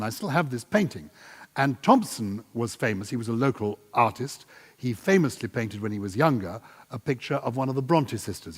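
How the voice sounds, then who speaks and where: A man's voice: medium pitch, slightly rough. An older man hosting a live event on stage, telling a genial anecdote in conversation. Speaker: event host. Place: large hall on stage. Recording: long hall reverb.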